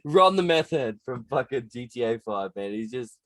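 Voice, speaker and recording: A man co-hosting a podcast in animated, sweary casual chat. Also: mid-range voice, moderate pace, no room sound. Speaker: podcast co-host.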